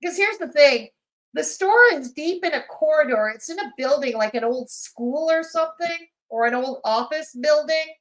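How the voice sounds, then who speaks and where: A woman's voice: sits high, animated, moderate pace, rough recording. A woman hosting a live-stream, commenting on clips in a sarcastic, mocking way. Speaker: commentary channel host.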